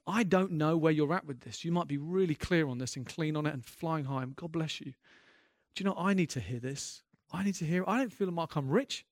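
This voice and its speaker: A man's voice: a little high, brisk, no room sound, studio quality. A man preaching a sermon as a pastor, earnest and impassioned, often restarting his sentences and building in intensity.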